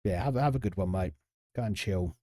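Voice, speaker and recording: A man's voice: low-pitched, fairly quick, warm tone, dry recording, studio quality. A man, chatting casually and joking with viewers while streaming a football management game. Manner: chatty, jokey, reacts to chat and the match. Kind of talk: casual live-stream commentary.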